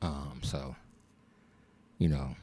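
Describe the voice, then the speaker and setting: A man's voice: very deep voice, fairly even intonation, very slow, dark tone. A man co-hosting a podcast, chatting casually in a loose storytelling way and laughing often. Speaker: podcast co-host. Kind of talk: casual chat.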